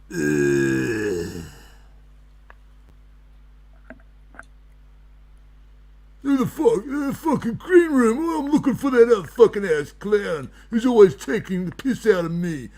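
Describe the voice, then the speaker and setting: A man's voice: sits high, very animated, slow, creaky, a little mellow, husky, exaggerated voice. A man on a livestream playing a boastful, paranoid wizard who swears constantly, rambles and threatens people. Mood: angry. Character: foul-mouthed, boastful, paranoid self-styled wizard man. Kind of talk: improvised comedy bit on a livestream.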